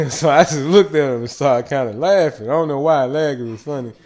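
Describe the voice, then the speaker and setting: A man's voice: medium pitch, a little fast, a little mellow. A man talking in a loose, rambling solo monologue, swearing constantly and often breaking into laughter. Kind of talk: casual profane monologue.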